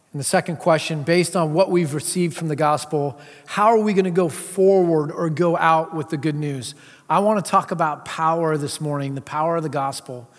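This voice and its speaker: A man giving a sermon as pastor, in a conversational way with frequent filler sounds. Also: a little high. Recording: long reverb of a large hall.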